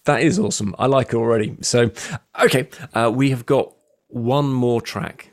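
A man's voice: medium pitch, moderate pace. Chatty British man hosting radio. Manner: chatty, joking, with frequent fillers. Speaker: radio show host. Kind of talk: radio interview.

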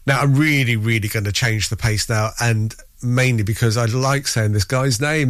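Male radio DJ with a lowish voice and a dry, close sound, rambling and excitable between records. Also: normal speed, few pauses, dry recording. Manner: rambling and chatty, with many ums and self-corrections; enthusiastic, easily excited. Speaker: radio presenter. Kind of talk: casual music radio chat.

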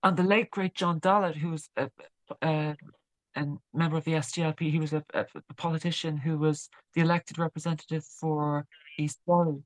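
A woman's voice: low voice, fairly even intonation, no echo, poor audio. A woman musician being interviewed, chatting casually and repeating words as she tells a story. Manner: halting, repeats words while telling a story. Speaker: guest musician.

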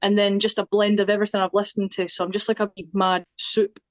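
A woman's voice: mid-range voice, little pitch movement, fast, no echo. Young Scottish woman, chatty guest, self-deprecating; slightly muffled recording. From Scotland. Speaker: singer-songwriter guest. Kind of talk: casual interview chat.

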